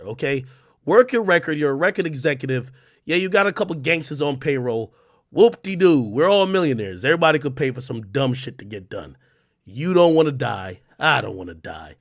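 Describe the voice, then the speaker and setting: A man's voice: medium pitch, fairly bright tone, no room sound, studio quality. A man on a livestream, delivering a heated, mocking, profane rant.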